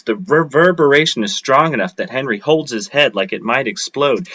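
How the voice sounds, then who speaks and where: A man reading his own short story aloud at an open mic, with a steady, measured delivery. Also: medium pitch, husky, no echo. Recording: dull lo-fi livestream audio.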